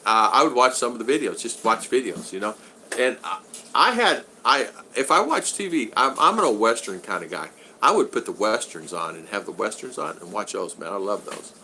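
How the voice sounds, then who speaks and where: Lively, bright-voiced American man hosting a stream. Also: mid-range voice, a little hiss or hum. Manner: rambling, greets viewers by name with shout-outs. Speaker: live-stream host. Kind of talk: casual live-stream chat. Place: home in the Philippines.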